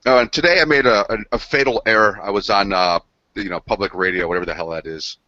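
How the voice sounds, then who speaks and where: A man's voice: on the low side, quick pace, bright, forceful tone, dry recording. A man on a gaming news show, telling a rambling, profane story between laughs. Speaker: podcast co-host. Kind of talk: casual chat. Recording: dull lo-fi sound.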